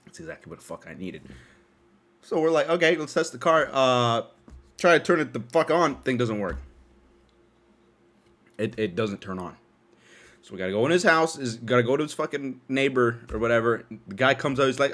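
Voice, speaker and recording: A young man telling a rambling story on his own podcast, swearing freely, laughing, and swinging between loud outbursts and low mumbles. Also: lively intonation, fairly quick, a little hiss or hum. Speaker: podcast host.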